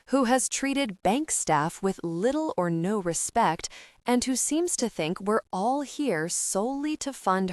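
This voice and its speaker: A cold, sarcastic bank manager, as a woman narrator puts him on, speaks in a clipped and scathing way. The lines come slowly. The recording is dry and close. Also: mid-range voice, no room sound, lightly acted.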